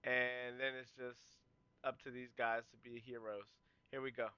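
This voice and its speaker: A man hosting a podcast, casually breaking down game film and walking through each play in a relaxed, conversational way. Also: mid-range voice, normal speed, smooth, no room sound, lo-fi sound. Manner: excitable, yells and cheers at big plays; explains plays in a relaxed, conversational way.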